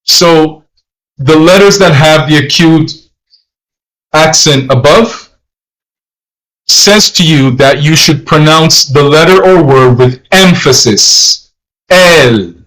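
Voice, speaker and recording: A man's voice: fairly high pitch, takes it slowly, long pauses, fairly bright tone, rough recording. A man teaching a live-streamed language lesson, patiently explaining and repeating phrases in Spanish and English.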